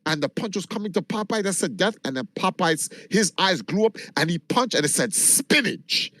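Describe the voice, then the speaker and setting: A man from Jamaica, a livestreamer, telling a long story in an animated, casual way and swearing freely. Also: high-pitched, brisk, dry recording. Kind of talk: casual chat.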